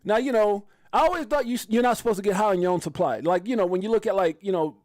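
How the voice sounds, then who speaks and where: A man hosting a casual live stream, excitable and joking, often exclaiming as he runs through prices. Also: high voice, quick pace. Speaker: crypto live stream host.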